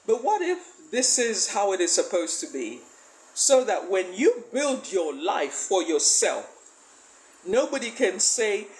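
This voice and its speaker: A woman's voice: medium pitch, very animated, measured pace, darkish tone, poor audio. Laughing, emphatic woman life coach. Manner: emphatic, often breaks into laughter; asks the listener rhetorical questions. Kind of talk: motivational faith-based coaching talk.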